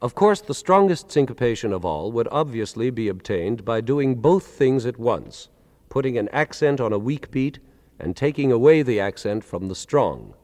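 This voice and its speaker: A man lectures with a lively, rising-and-falling delivery, explaining ideas and counting beats out loud with emphatic accents. His mid-pitched voice rings with a long hall reverb. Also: moderate pace. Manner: articulate, counts beats aloud with strong accents. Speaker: lecturer presenting with a band. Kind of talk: explanatory lecture with spoken demonstrations.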